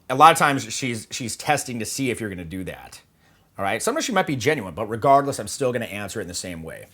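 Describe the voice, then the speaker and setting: Talking quickly and with plenty of animation, this man has a medium-pitched, fairly bright voice. His dating coaching is loose and jokey, full of casual swearing and frequent "okay"s and "right?"s to keep listeners with him.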